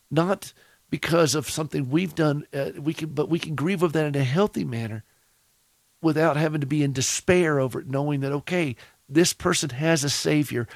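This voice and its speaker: A Southern-accented man hosts a radio show with a gravelly edge to his mid-range voice. The studio sound is dry and close, and he talks in long, reflective, encouraging stretches. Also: a little high, normal speed, dry recording. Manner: reflective, encouraging, speaks at length. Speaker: radio host.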